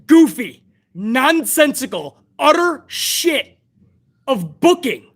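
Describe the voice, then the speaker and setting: A woman's voice: high-pitched, big pitch swings, slow pace. A woman hosting a live wrestling review stream, ranting bluntly and heatedly with plenty of profanity. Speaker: wrestling show host.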